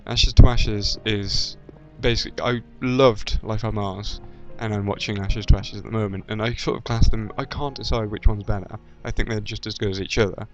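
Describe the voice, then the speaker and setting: A young British man from the English Midlands, with a generic British accent tinged slightly Midlands, speaks in a lowish, steady voice at a moderate pace with hardly any pauses. He's a YouTube let's-player rambling through a casual video chat, hesitant, full of ums and self-corrections. The recording is dull and lo-fi with faint game music.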